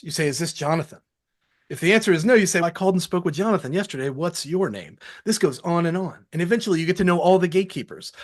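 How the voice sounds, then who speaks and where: A male host with a fairly high voice runs a live sales coaching show. He talks in an animated, casual way, with slang, and acts out both sides of phone calls.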